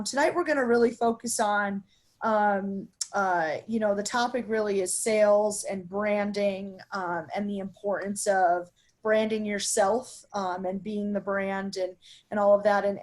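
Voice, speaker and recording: Woman webinar host, lots of ums, casual hesitant intro. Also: mid-range voice. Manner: hesitant, many fillers.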